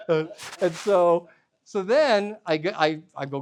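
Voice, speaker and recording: Male storyteller, comic and self-mocking, with a bouncy, highly expressive delivery. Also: moderate pace. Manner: animated, humorous, self-deprecating. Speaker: storyteller leading a workshop. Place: workshop room with a live audience.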